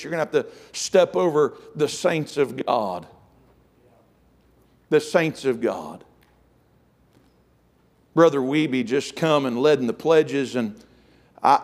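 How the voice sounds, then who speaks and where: A man's voice: fairly high pitch, darkish tone. Fervent preacher man. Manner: fervent preaching, storytelling, frequent "amen" and "listen". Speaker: pastor. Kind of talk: sermon.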